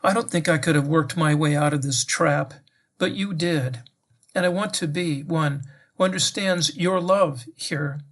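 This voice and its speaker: Man, slightly higher voice, prayerful meditation, reflective, questioning, speaks to the Lord. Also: measured pace. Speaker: priest giving a meditation.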